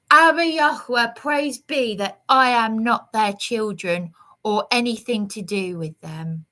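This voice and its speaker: A woman's voice: medium pitch, sharp tone. A woman giving a rambling, aggrieved vlog monologue with emphatic outbursts. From England. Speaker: vlogger.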